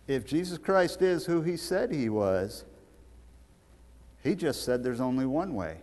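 A man's voice: medium pitch, expressive, measured pace, long pauses. Emphatic male preacher in echoing hall. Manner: emphatic, storytelling, rising to loud peaks. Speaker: pastor. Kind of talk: sermon. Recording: long hall reverb.

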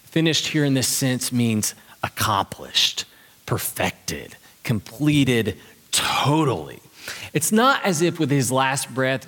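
A man preaching to his congregation, his mid-pitched voice ringing through the long reverb of a church sanctuary. He talks earnestly but conversationally, slipping in light jokes. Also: sing-song, unhurried, fairly bright tone, husky. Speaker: pastor. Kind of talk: sermon. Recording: long reverb of a large hall.

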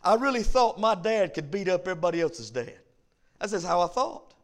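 A man's voice: sits high, expressive, brisk. A man preaching a Bible study as pastor, with a repetitive, rising cadence.

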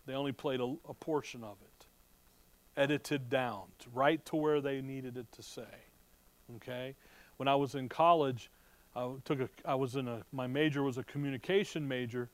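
A Bible teacher with a medium-pitched voice and fairly even intonation speaks at a normal speed, with no echo. He delivers a conversational sermon to a live audience in a room, keeping it casual with rhetorical questions and wry asides.

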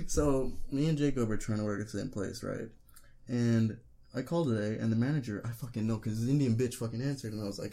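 A young man co-hosting a casual podcast, loud and joking, swearing a lot. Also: mid-range voice, fast talker. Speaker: podcast co-host. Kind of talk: casual chat.

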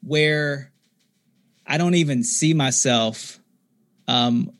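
A man in his thirties, a podcast guest, talking casually in a halting way with many fillers and restarts. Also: medium pitch, a bit bright. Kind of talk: casual conversation.

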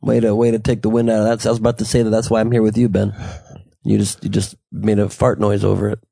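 Podcast host, male, gravelly voice, dry close sound, loose joking delivery. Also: on the low side, little pitch movement, dark tone, dry recording. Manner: joking, rambling, quick banter. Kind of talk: casual podcast chat.

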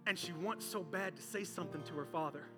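A male pastor preaching a sermon from a church stage, animated and conversational, with comic bits. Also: fairly high pitch, fast talker. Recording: long hall reverb, faint music.

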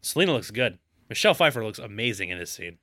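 A man's voice: lowish voice, quick pace, no room sound, studio quality. A man co-hosting a podcast, recapping a movie in casual chat and acting out characters' lines with jokes. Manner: animated, jokey, acts out quoted characters. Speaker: podcast co-host.

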